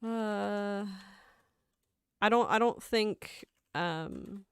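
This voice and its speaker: A woman's voice: mid-range voice, drawn-out words, vocal fry, smooth. A woman hosting a gaming livestream, reading chat aloud in a rambling, casual way and laughing often. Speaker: livestream host.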